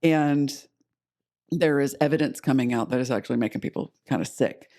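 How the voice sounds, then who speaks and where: A man's voice: mid-range voice, fairly quick, darkish tone. A man co-hosting a podcast in casual conversation, asking puzzled questions. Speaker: podcast co-host.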